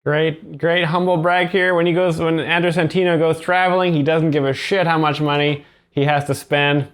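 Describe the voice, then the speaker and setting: A man hosting a show, explaining stand-up jokes in a flat, mock-serious commentary style. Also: a little high, normal speed, slight background noise. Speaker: joke explainer host. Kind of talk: deadpan commentary.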